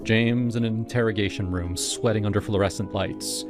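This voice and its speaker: A man with a low voice reads a scripted first-person horror story at a steady, even pace. Clear music plays beneath his narration throughout, and his delivery stays smooth and measured.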